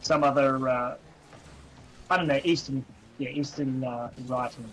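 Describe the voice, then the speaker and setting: A man's voice: medium pitch, steady tone, measured pace, a crowd in the background, poor audio. A young man co-hosting a podcast in casual, joking chat, teasing his friend. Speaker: podcast co-host.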